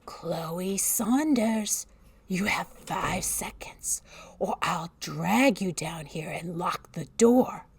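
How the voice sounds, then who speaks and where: A cruel young babysitter threatens in a slow, breathy whisper, voiced by a woman reading a storybook. The menace comes from how quiet and drawn out every word is. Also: on the low side, expressive, exaggerated voice. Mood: menacing.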